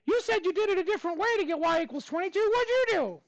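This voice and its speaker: A cheerful, squeaky cartoon mouse in class, high and bright in falsetto. He bounces upbeat through the lesson with lively swoops of pitch. The sound is close and dry. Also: fast, no echo, muffled recording. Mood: cheery. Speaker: math teacher.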